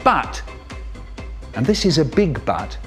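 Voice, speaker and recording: A man's voice: on the high side, very animated, slow, fairly bright tone, faint music behind. A man narrating an absurd comedic story in a jumpy way, now and then breaking into silly voices.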